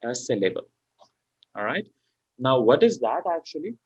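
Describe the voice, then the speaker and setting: Male tutor, mid pitch, running an online lesson with lots of fillers; dry, muffled call audio. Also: sing-song, normal speed, a little mellow, husky, no echo. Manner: explains step by step with many fillers like okay and you know. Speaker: PTE exam tutor. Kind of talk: online class lecture.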